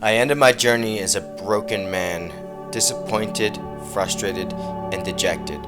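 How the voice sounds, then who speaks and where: A man's voice: on the low side, slow pace. A young man giving a plain, reflective voice-over narration for his travel vlog. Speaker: travel vlogger. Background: background music.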